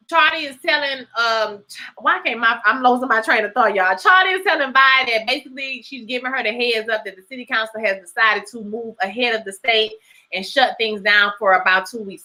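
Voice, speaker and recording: Sassy high-pitched woman recapping a show. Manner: animated, sassy, swings pitch for emphasis; reads out and greets live chat. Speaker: livestream host recapping a TV episode. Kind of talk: casual chat.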